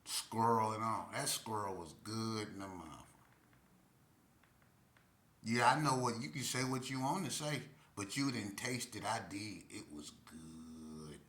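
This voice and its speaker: An animated man tells a story in casual, slangy talk, jumping into other people's voices as he goes. His tone is bright and forceful, and there is a roomy echo around him. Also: lowish voice, a little slow. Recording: echoey room.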